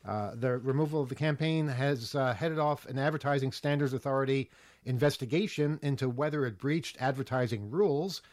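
A man's voice: medium pitch, a little fast, a little mellow. A man hosting a casual panel chat, reading a news item aloud with many fillers and wry asides. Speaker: host.

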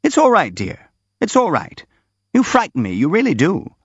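A loud, anxious older noblewoman frets in a raised, high voice, as a male reader puts her on. The recording is dry and slightly dull. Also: wildly swooping pitch, normal speed, husky, no room sound, heavily acted. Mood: fussing. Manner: loud, fussing, high-pitched.

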